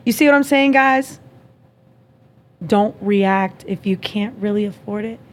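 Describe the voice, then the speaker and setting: A woman hosting a podcast, telling a dating story in casual chat, animated and profane, acting out both sides of the conversation. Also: mid-range voice, measured pace, slight background noise. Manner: animated, profane, acts out dialogue. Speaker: podcast host.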